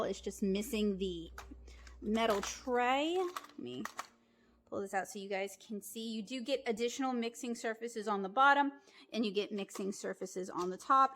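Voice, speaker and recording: A woman giving a casual, chatty art supply review, frank with her opinions and quick to laugh a little. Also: fairly high pitch, fairly bright tone, a little hiss or hum.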